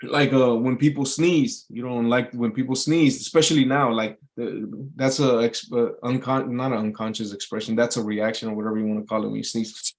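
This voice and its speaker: A man's voice: mid-range voice, steady tone, fairly quick. A man rambling casually to his live stream audience, swearing freely and filling his talk with fillers and restarts. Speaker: YouTube livestreamer. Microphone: live stream mic.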